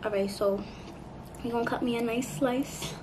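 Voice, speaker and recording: A woman's voice: a little high, fairly even intonation, moderate pace. An eighteen-year-old woman vlogging at home, chatty and playful, talking straight to her viewers. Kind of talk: casual chat to camera. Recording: noisy home recording.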